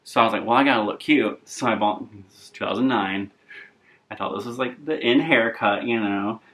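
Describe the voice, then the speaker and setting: A man's voice: on the low side, moderate pace, fairly bright tone. A young man vlogging in a chatty, rambling, self-deprecating way. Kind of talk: casual rambling vlog.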